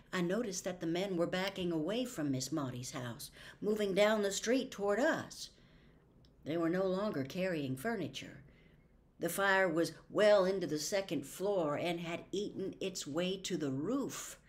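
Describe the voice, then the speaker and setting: A woman narrating a classic novel as an audiobook in a deliberate reading manner. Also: fairly low pitch, lively intonation. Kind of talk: scripted narration.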